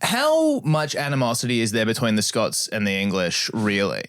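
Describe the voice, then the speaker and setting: A man in his thirties from Australia with an Australian accent, a comedian guest in casual chat, animated and profane. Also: fairly low pitch, moderate pace, dry recording, studio quality. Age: 30s. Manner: animated, profane, laughs easily.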